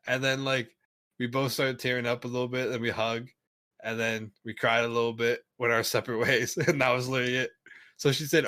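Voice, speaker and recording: A man's voice: mid-range voice, fairly even intonation, a little fast, pushed and bright, no echo. A young man telling a story in casual podcast chat, rambling, laughing often and swearing a lot. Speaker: podcast guest.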